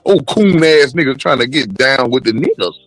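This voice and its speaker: A man's voice: medium pitch, animated, normal speed, fairly bright tone, no echo, soft background music, low-quality recording. A man in casual panel chat, crude and mocking, laughing as he talks. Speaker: panel caller.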